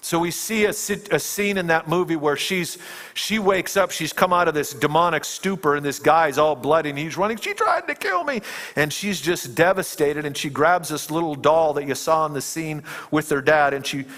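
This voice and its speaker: Male preacher, slightly high voice, dramatic sermon storytelling, long hall reverb. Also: fairly even intonation, moderate pace. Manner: dramatic storytelling, dropping to hushed tones and rising to emphatic peaks. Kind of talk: sermon retelling a film scene.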